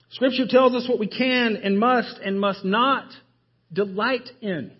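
Guy pastor giving a sermon, raspy-ish voice, kinda high for a man, asks the room questions then goes real quiet for emphasis. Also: slow pace, lo-fi sound. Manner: emphatic, rhetorical questions, drops to near-whispers for stress. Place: church sanctuary.

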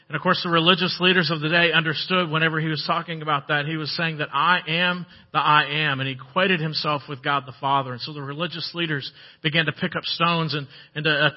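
Guy preaching a sermon, kinda high voice, gets loud then goes quiet, muffled lo-fi sound. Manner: animated storytelling, swells loud then drops soft. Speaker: pastor.

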